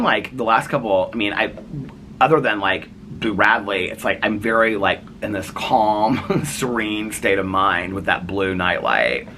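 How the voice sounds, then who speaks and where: A man in his forties rambles casually to a camera on a tripod at home, with a lively, swooping pitch. His voice is bright and fairly low. A faint hiss sits under the recording. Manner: rambling, chatty, frequent fillers and laughs. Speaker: vlogger. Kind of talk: casual vlog chat.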